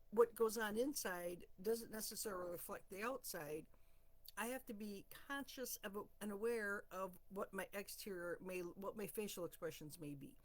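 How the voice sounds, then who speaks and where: A middle-aged woman hosting a spiritual live stream, talking in a chatty, animated way and telling stories about her life. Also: medium pitch, low-quality recording. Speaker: host of a spiritual card-draw live stream. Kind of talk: casual motivational talk.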